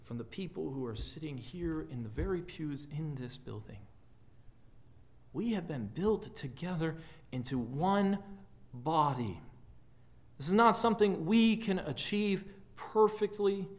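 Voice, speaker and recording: A man preaching a sermon as a pastor in a church, earnest and often dropping quiet at the ends of phrases. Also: on the high side, big pitch swings, slow pace. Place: church sanctuary.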